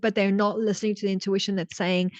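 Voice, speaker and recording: A woman's voice: medium pitch, little pitch movement, fast, muffled recording. A woman co-hosting a podcast in casual chat, swearing freely and repeating phrases for emphasis. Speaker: podcast co-host.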